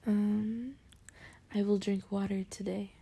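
A woman murmurs in a whispered role-play, her voice husky and full of morning gravel. She talks slowly and mellowly, gentle and encouraging toward the listener. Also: mid-range voice, flat delivery. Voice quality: gruff morning voice. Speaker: comforting companion.

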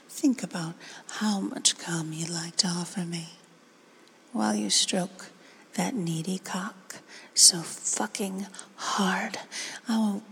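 A woman in a whispered role-play, giving slow, coaxing commands in a breathy whisper. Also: mid-range voice. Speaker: ASMR performer.

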